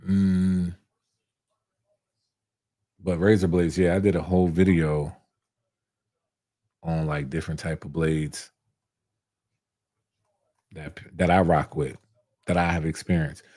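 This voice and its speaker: A man's voice: low-pitched, level tone, slow, long pauses, mellow, dry recording, studio quality. A young man who reviews barber tools, chatting casually on a live stream, reading viewer comments and answering in a laid-back, slangy way that repeats itself.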